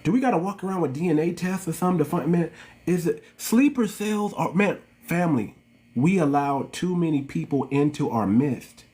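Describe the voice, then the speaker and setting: An American channel host with an African American English accent rants on a livestream, calling his viewers family and getting preachy and repetitive. His voice is a little high and dark in tone, animated, at a normal pace.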